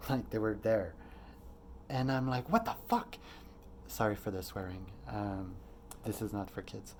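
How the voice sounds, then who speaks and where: A man's voice: mid-range voice, a little mellow, slight background noise. A man in his late thirties telling a personal story as a podcast host, earnest and rambling, with frequent fillers and swearing. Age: late 30s.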